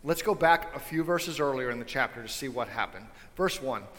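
A man preaching a sermon to his congregation, casual and animated, with joking asides to his listeners. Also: medium pitch, fairly quick, long reverb tail. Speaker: pastor. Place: church sanctuary.

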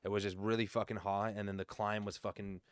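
A man's voice: fairly low pitch, flat delivery, fast, smooth, no echo, clean studio sound. A man in his thirties telling loose, profane stories as a podcast guest in casual conversation. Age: 30s. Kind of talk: casual chat.

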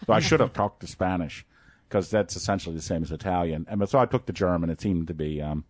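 Podcast co-host, male, low voice, chatty storyteller, dry close recording. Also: fast talker, no echo. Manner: rambling storyteller, jokey, laughs often. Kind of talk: casual chat.

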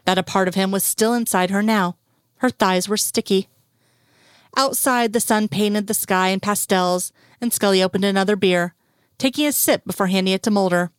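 A woman reads a story aloud at a measured, even pace. Her voice sits at a middle pitch. The recording is dry and close. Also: no echo. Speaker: narrator.

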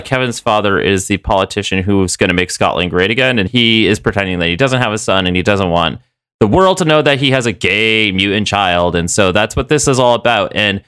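A man's voice: on the low side, a bit bright, clean tone, no echo, studio quality. A man co-hosting a podcast, chatting casually and rambling with lots of fillers, swearing and laughter. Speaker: podcast co-host. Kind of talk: casual review chat.

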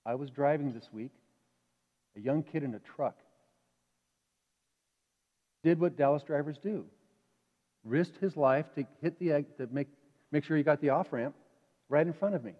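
Male pastor, sermon, fairly high voice, lively and chatty delivery; dull recording with long church-hall reverb. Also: unhurried, pauses often. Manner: animated, acts out inner voices; conversational, asks the congregation questions. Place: church sanctuary.

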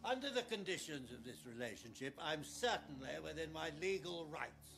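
A man's voice: fairly high pitch, expressive, moderate pace, fairly bright tone, soft background music. An actor playing a haughty, contemptuous older man who coldly taunts a rival in a film scene. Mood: taunting. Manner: cold, scornful. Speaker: film character.

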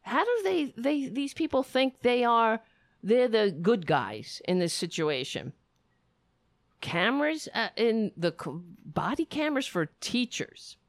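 A woman's voice: a little high, sing-song, a little slow, no echo, studio quality. A woman giving impassioned political commentary in an indignant, ranting manner, restarting her sentences and reading news excerpts aloud between her remarks.

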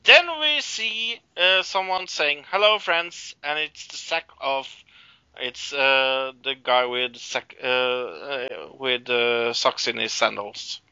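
A man recapping a show in casual chat, halting, with many fillers and acted-out quotes. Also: mid-range voice, pushed and bright, clear, resonant tone, dry recording, dull audio. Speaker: podcast co-host recapping a show.

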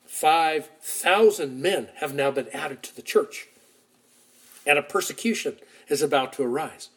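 Animated storytelling preacher, fairly high voice. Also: male voice, unhurried, slightly rough. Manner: animated storytelling, shifting loudness, acts out quotes. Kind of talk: sermon retelling a Bible story.

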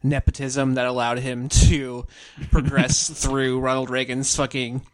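Man, mid-pitched voice, casual profane podcast banter, filler words, dry close mic. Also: monotone, a little slow, no room sound. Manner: loose and profane, lots of fillers, laughs easily. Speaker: podcast co-host. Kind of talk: casual chat.

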